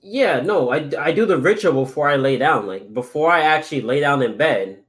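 A man's voice: a little high, animated, normal speed, fairly bright tone. A young man rambling casually in a group call, full of fillers and jokes. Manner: rambling, many "like" fillers, joking.

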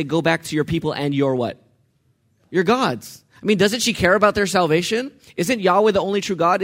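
A man with a voice on the high side preaches an expository sermon on a Bible passage. He is animated and full of rhetorical questions, swinging between loud and hushed.

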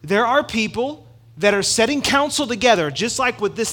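A man's voice: extremely high pitch, animated, normal speed, a bit bright. A middle-aged man preaching a sermon in an emphatic, conversational way, with asides to the congregation. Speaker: pastor.

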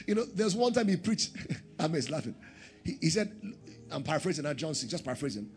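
A man preaching a sermon, swinging between loud emphatic bursts and a hushed tone as he leads prayer. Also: fairly high pitch, big pitch swings, brisk, faint music behind.

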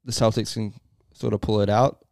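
A man's voice: lowish voice, flat delivery, moderate pace, creaky, darkish tone, no room sound, clean studio sound. A man co-hosting a casual sports podcast, chatty and teasing, hedging his opinions. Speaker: podcast co-host.

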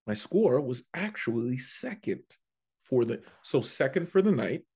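A man, a comedian, telling a story in a casual chat, animated and prone to restarting his sentences. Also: medium pitch, a little slow, husky. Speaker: comedian guest.

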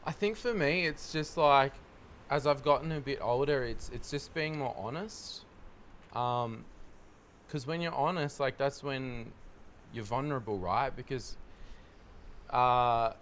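A man's voice: mid-range voice, fairly bright tone, slight background noise. A man reflecting candidly and thoughtfully on honesty and vulnerability in a group conversation. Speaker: panel guest.

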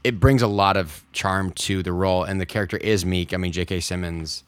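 Low-voiced animated man, dry mic. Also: clean tone, no echo. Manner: animated, quick bursts, many fillers and restarts. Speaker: podcast co-host. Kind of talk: casual movie discussion.

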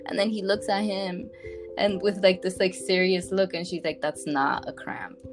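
A young woman casually telling a personal story to a friend on a podcast, animated and full of fillers, calling her listener "girl". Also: mid-range voice, moderate pace, over music.

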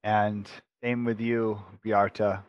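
Male game master, mid-pitched, dry close sound, slightly muffled, narrates casually with restarts. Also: flat delivery, slow pace, no echo. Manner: conversational, with frequent restarts.

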